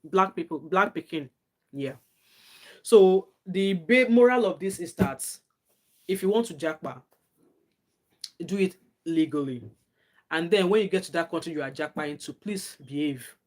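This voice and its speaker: A woman's voice: lowish voice, animated, normal speed, long pauses, darkish tone. A middle-aged woman with a Nigerian accent, chatting casually on a live stream, answering viewer comments and giving earnest advice. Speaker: live-stream host, nurse.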